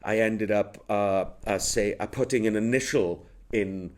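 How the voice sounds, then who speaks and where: A man's voice: lowish voice, a little slow. A middle-aged man with a Welsh accent, an actor telling stories in a casual interview, rambling with many restarts. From Wales.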